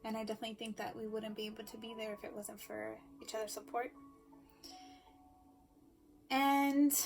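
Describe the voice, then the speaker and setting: A woman giving a personal storytelling speech, emotional, swinging between loud emphasis and hushed asides. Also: fairly high pitch, steady tone, normal speed, gravelly, pauses often, soft background music. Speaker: speaker.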